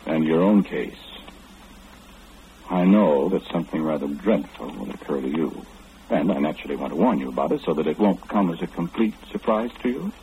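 An actor playing a calm, wry clairvoyant man who knows everything, in 1940s radio acting. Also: a bass voice, dull audio, slight background noise. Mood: knowing. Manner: knowing, unhurried, gently mocking.

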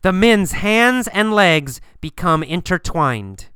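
A man teaching English pronunciation, telling a story slowly and repeating each phrase for learners to copy. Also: high-pitched, big pitch swings, no echo. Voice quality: crisp, clear, bright voice. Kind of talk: slow, deliberate language-lesson storytelling.

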